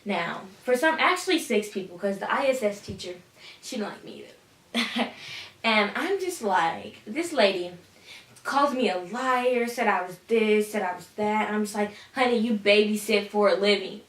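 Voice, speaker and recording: A woman's voice: mid-range voice, lively intonation, normal speed, a bit bright, distant mic. A teenage girl telling a storytime vlog in a sassy, dramatic way, often calling people "honey". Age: teens. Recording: echoey room, voice a bit off-mic.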